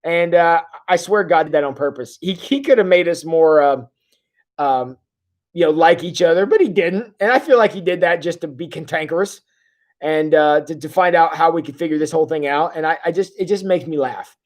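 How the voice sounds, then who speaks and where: A pastor giving a casual, joking livestream sermon and reading viewer comments aloud, often stopping and restarting mid-sentence. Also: medium pitch. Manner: jokey, conversational, halting restarts. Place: church.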